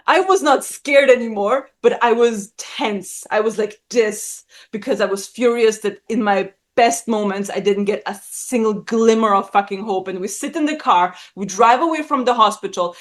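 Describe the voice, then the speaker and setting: A woman in her thirties telling a personal story in casual conversation, blunt and animated, swearing often and acting out the people she quotes. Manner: acts out quoted voices with big pitch jumps. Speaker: guest. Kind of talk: casual chat.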